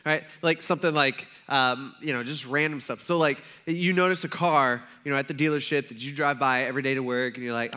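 A pastor preaches a sermon in a relaxed, conversational way, slipping into quoted voices as he tells the story. The man's voice sits high and sounds bright and forward. He keeps it lively and informal, with plenty of everyday fillers.

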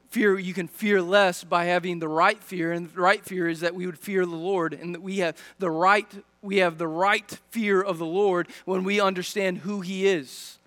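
A man with a high voice preaches in a church sanctuary, putting direct questions to his listeners. His words trail off into a long reverb from the big hall, and he restarts his sentences as he works through his point. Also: a bit bright. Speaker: pastor. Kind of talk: sermon.

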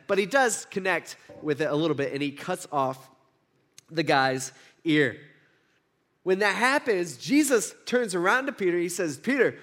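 A man teaching a Bible passage in a casual, conversational way, full of fillers and quick "right?" check-ins. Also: high-pitched, a bit bright.

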